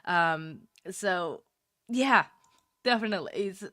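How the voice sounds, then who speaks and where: A woman's voice: lowish voice, expressive, slow pace, a bit bright, no room sound, studio quality. A woman hosting a livestream, chatting casually with viewers, emotional and laughing often. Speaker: livestream host. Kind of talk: casual chat with live chat.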